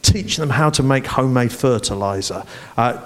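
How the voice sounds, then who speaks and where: A man's voice: mid-range voice, normal speed, fairly bright tone. A man, a church leadership director, speaking animatedly and playfully in an onstage interview in front of a congregation.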